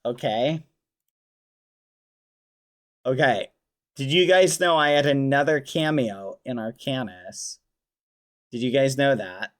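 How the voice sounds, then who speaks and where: A man's voice: mid-range voice, a little slow, fairly bright tone, smooth. A man live-streaming a game, talking straight to his chat and swapping swear words for clean ones.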